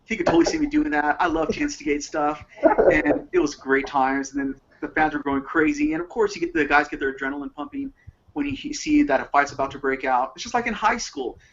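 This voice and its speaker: Excitable man with a lively voice. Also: a little high, fairly quick, vocal fry, muffled recording. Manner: excitable, enthusiastic storyteller. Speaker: panelist. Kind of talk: casual panel talk over a call.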